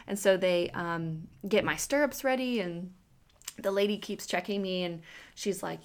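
Woman, 30s, creaky fry, casual storytelling, lots of fillers, animated. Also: lowish voice, a little slow. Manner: animated retelling, acting out quoted lines. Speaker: mother telling her birth story.

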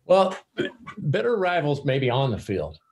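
An older man telling anecdotes as an interview guest, halting and repeating words as he searches for them. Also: mid-range voice, huge pitch swings, darkish tone, slight background noise. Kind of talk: casual anecdotal storytelling.

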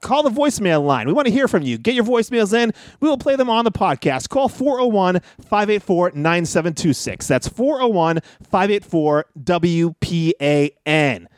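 A man's voice: sits high, big pitch swings, moderate pace, hardly any pauses, no room sound, studio quality. A man co-hosting a wrestling podcast, chatting casually and playfully, running promos and jokey impressions. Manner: playful, doing goofy impressions. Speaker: podcast co-host.

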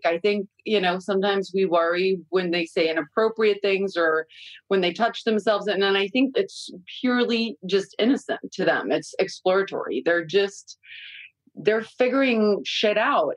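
Woman guest, candid and chatty, mid pitch, dry close mic. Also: dry recording, poor audio. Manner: candid and chatty, swears freely, many "like" fillers. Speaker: guest, a mother of young kids. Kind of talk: casual podcast chat.

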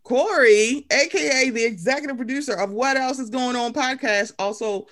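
Woman, podcast host, bright higher voice, lively, profane storyteller. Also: normal speed. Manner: animated, profane, jokey storytelling. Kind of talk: casual podcast chat.

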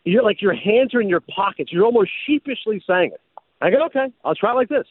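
A man's voice: high voice, fast, breathy edge, no room sound, phone-quality sound. A man, a former sportscaster, telling stories in a casual chat and slipping into an announcer voice now and then. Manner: animated storyteller, slips into announcer voice. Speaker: podcast host and former sportscaster.

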